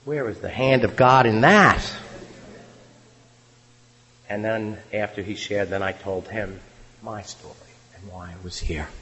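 A hoarse man, his voice worn out, giving an earnest recovery testimony at a convention, often trailing off quietly. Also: lowish voice, steady tone, a little slow, long pauses. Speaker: convention speaker. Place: large convention hall. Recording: reverberant hall, faint hum.

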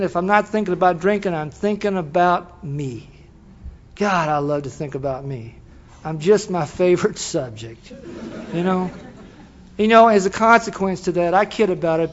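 Older man sharing his recovery story. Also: high-pitched. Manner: folksy storytelling with laughs. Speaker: recovery meeting speaker. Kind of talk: personal testimony. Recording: dull lo-fi recording.

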